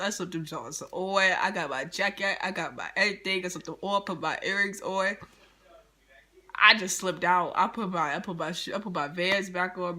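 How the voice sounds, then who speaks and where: A woman vlogger telling a story in an animated, slangy, dramatic way. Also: lowish voice. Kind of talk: storytime vlog.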